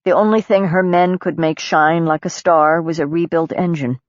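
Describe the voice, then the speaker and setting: Calm and measured, a woman reads a novel aloud as an audiobook narrator, her voice on the low side. The scripted narration is captured dry, in dull lo-fi quality.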